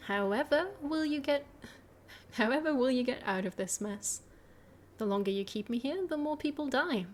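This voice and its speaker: A woman's voice: high voice, expressive, moderate pace, a little hiss or hum, voice pushed up. A woman voicing a menacing male killer on the run, taunting and gloating in a game reading.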